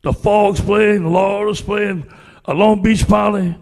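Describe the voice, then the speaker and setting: A middle-aged man with a Cajun accent from Louisiana, a football coach telling folksy, animated anecdotes to a club audience. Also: sits high, slow, gravelly, in a large hall. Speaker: guest speaker, football coach. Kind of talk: storytelling speech to a club audience.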